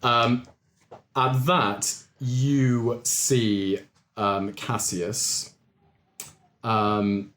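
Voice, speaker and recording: A man's voice: mid-range voice, flat delivery, drawn-out words, pauses often, a bit bright. A man narrating as game master of a tabletop game, rambling with fillers. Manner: rambling, full of fillers and chuckles. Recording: roomy echo.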